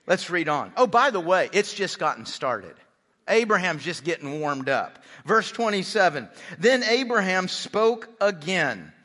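Male pastor, humorous sermon, bright tone, long hall reverb. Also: high-pitched, measured pace. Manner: animated, conversational, humorous, stammering restarts.

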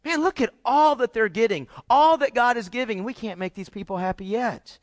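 A man's voice: extremely high pitch, moderate pace, dry recording. A middle-aged man preaching a sermon as a pastor, emphatic and full of rhetorical questions to the congregation.

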